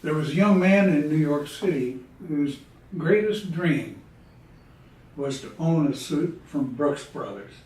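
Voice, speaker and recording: A man, telling folksy jokes in a relaxed, drawling way. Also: fairly high pitch, unhurried, recorded from a distance. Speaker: storyteller. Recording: echoey room, speaker away from mic.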